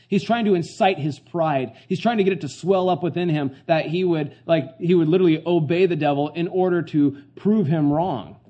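A man delivers a casual sermon, talking to his listeners like friends and tossing them questions. His voice sits a little high and sounds warm and mellow. The recording is muffled and lo-fi. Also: moderate pace, few pauses. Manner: conversational, slangy, asks the audience questions. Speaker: pastor.

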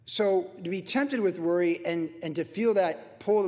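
A man's voice: sits high, measured pace, darkish tone, long reverb tail. A male pastor teaching a verse-by-verse sermon in a loose, conversational way, repeating himself for emphasis. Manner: conversational, repetitive, acts out worried voices.

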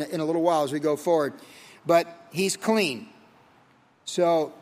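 A man teaching verse by verse as a pastor, reading scripture and then talking it through casually with fillers and rhetorical questions. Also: high voice. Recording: long hall reverb.

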